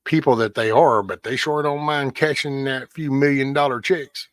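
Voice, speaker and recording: A man's voice: medium pitch, fairly even intonation, moderate pace, dry recording. Man, blunt, profane ranting, casual livestream host, dry close sound. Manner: answers viewer chat by name.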